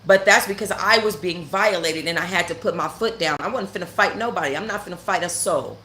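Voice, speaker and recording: A woman with a fairly low voice tells a story as a heated, casual rant. She is blunt and profane and hammers her points home by repeating them. Her voice echoes around the room over a faint background hum. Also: fairly quick, hardly any pauses, pushed and bright. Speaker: channel host.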